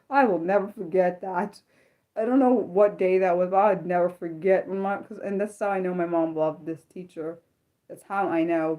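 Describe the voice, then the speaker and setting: Young woman, livestream host, slightly low voice, rambling and earnest, stumbles and restarts often. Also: a little mellow. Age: young adult. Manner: reacts to viewer comments as she reads them. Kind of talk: unscripted livestream chat.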